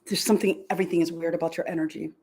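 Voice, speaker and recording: Psychic lady on a live stream, calm guided meditation voice, calls ppl sweetheart, swears now and then. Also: fairly low pitch, very fast, breathy edge. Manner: swears casually. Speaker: psychic reader. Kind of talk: live-streamed energy reading.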